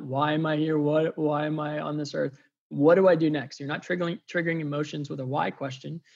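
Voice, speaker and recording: Man, raised pitch, gravelly, husky, excitable storytelling, muffled lo-fi recording. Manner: excitable, chatty, many fillers. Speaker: faith coach. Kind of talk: animated storytelling testimony.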